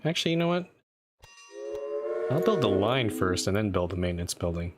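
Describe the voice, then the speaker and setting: A man's voice: lowish voice, very animated, a little fast, long pauses, a little hiss or hum. A man streaming a strategy game, chatting casually and self-deprecatingly with lots of restarts. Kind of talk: casual live-stream commentary.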